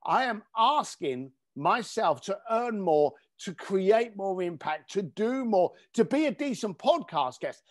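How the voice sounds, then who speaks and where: A man telling an emphatic story as a podcast guest, animated and casually swearing. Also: high voice, measured pace, hardly any pauses, no echo, studio quality. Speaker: podcast guest, speaker and coach.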